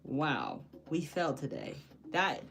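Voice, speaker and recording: A young painting vlogger with a deep, gravelly voice speaks slowly, her pitch swinging widely. As she paints, she talks casually, venting frustration, joking about herself and laughing frequently over soft background music.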